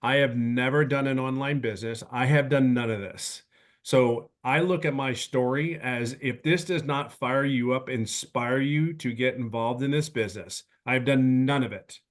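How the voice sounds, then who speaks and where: A man in his fifties giving a heartfelt personal testimonial on a webinar video call, speaking earnestly in halting, restarting sentences. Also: mid-range voice.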